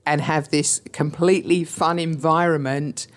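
Low-voiced woman, English-Kiwi accent. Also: measured pace. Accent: English and New Zealand. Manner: animated, emphatic storytelling. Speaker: podcast guest. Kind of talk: enthusiastic interview chat.

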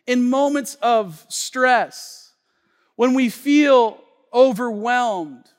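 A male pastor preaching a sermon in a casual, slangy storytelling manner that swings between hushed asides and loud outbursts. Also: very high-pitched. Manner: casual slangy talk, many fillers and restarts. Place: church sanctuary. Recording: long reverb of a large church hall.

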